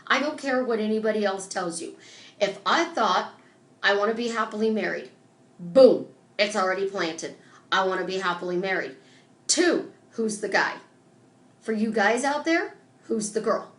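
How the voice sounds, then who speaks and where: A woman life coach giving an emphatic, animated motivational talk on a live stream, acting out little conversations as she goes. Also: a little high, reverberant.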